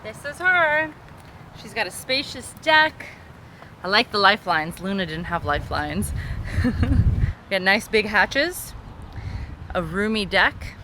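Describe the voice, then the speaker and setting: Woman, vlog host, bright voice, excited and giggly, aboard a sailboat, faint background noise. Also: medium pitch, slow pace, long pauses. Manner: excited, giggly, with frequent laughs. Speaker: vlog host giving a boat tour. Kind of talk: casual tour walkthrough.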